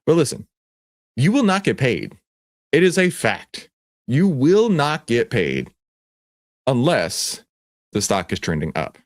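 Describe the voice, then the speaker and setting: A man with a Texan accent hosting a livestream, playful and teasing, often jumping to excited shouts. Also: mid-range voice, slow pace, long pauses, no echo, studio quality. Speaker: livestream host. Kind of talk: animated livestream presentation.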